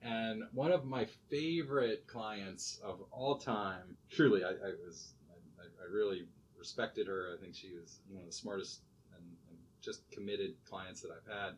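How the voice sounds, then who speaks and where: A man's voice: on the low side, unhurried, poor audio. Guy on a podcast, telling stories, laughs a lot, faint noise behind. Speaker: podcast guest, research expert. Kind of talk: casual chat, storytelling.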